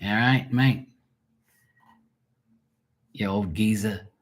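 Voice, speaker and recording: A man's voice: on the low side, drawn-out words. A man putting on an Irish accent to play a brash, tough-talking, threatening Irish man. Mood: cocky. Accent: put-on Irish.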